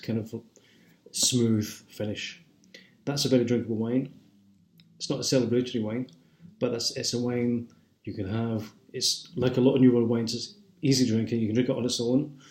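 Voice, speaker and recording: A Scottish man with a mellow, mid-range voice chats casually at home as a wine and film vlogger. He rambles with plenty of fillers and restarts, and the room has a roomy echo.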